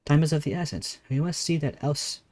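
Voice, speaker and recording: A man voicing a formal, earnest young male scholar in a game, with measured, careful speech. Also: fairly high pitch, expressive, darkish tone. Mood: urgent.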